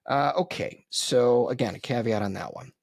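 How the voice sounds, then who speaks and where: A man's voice: medium pitch, moderate pace, creaky, no room sound. A man hosting a solo podcast, talking in a conversational, reflective way with frequent ums and asides, close to the mic. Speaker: podcast host.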